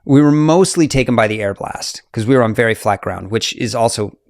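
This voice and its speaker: A man's voice: mid-range voice, fairly quick, dry recording, clean studio sound. A man in his forties, a mountaineer guest, telling his story casually with many fillers and laughs. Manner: animated, fillers, laughs often.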